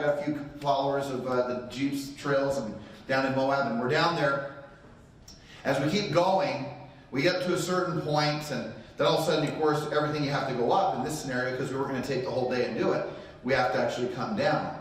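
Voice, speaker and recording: Animated man speaking in a very echoey room. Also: mid-range voice, fairly quick. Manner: animated storyteller acting out quotes. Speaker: real estate training speaker. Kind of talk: motivational talk to a live audience. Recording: very echoey room, voice far from mic.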